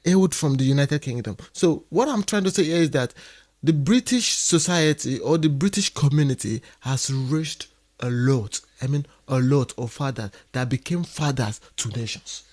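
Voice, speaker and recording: A man appearing as a guest on a faith podcast, answering in a measured, reflective way. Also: mid-range voice, darkish tone.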